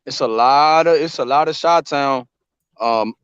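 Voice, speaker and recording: A man's voice: mid-range voice, a little slow, a bit bright, clean tone, no echo. A man on a group call, teasing and joking with friends, stumbling over his words in casual banter. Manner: teasing, joking, stuttering restarts. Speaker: guest on the call. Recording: dull, lo-fi call audio.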